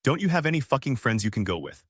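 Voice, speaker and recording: A man's voice: medium pitch, very animated, quick pace, slightly rough, dry recording, studio quality. A male narrator voicing a clingy, grieving woman who pleads and begs in a drama story. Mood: pleading. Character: grieving, clingy, desperate young widow.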